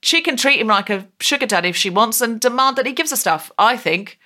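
A woman's voice: on the high side, lively intonation, a little fast, sharp tone. A woman hosting a comedic podcast over a video call, playful and theatrical, with mock indignation. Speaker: podcast host. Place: home, recorded remotely over Zoom.

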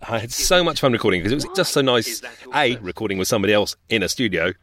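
A man's voice: fairly low pitch, expressive, quick pace, a bit bright. A man and voice actor, reminiscing enthusiastically in casual chat. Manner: enthusiastic, effusive.

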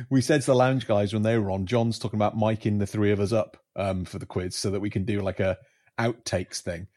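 A man's voice: fairly low pitch, fairly even intonation, moderate pace, mellow. A man hosting a podcast, running a quiz for his guests with teasing, joking banter. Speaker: podcast host.

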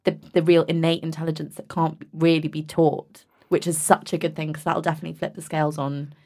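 A woman hosting a podcast, talking casually and quickly with strong opinions and some swearing. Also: deep voice, level tone, a little mellow. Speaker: podcast host.

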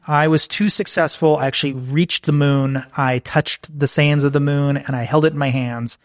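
A frank man telling stories as a podcast guest, slipping into the voices of the people he quotes. His pitch sits mid-range, and the sound is dry and close, with no room around it. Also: little pitch movement, normal speed, dry recording. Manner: frank, anecdotal, acts out quoted exchanges. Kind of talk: candid conversational storytelling.

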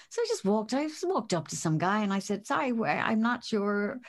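A woman with an Irish accent, casually chatting as a podcast co-host and telling an animated story. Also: medium pitch, a little fast, few pauses. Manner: animated storytelling, acts out quotes. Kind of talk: casual chat.

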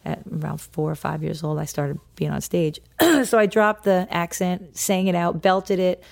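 Low-voiced woman in her fifties telling stories. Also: moderate pace, creaky. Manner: lively anecdotal, mimics voices in quotes. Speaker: guest. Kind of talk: casual storytelling.

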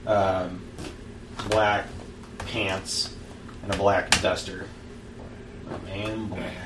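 A man narrating a western tabletop game as game master, halting with fillers and restarts. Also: low voice, little pitch movement. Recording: distant mic in an echoey room with background noise.

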